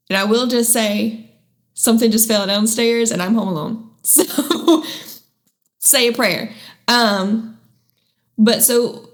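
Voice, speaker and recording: A woman hosting a podcast, telling her own faith testimony from home. She speaks candidly and haltingly, with frequent restarts and self-deprecating asides along the way. Her pitch sits in a middle range. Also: vocal fry. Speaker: podcast host.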